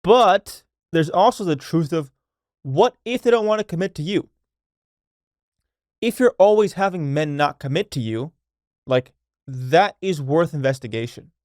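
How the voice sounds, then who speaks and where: A man's voice: a little high, expressive, measured pace, long pauses, a little mellow, dry recording, clean studio sound. Blunt, profane young man hosting a podcast. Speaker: podcast host. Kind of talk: solo podcast monologue.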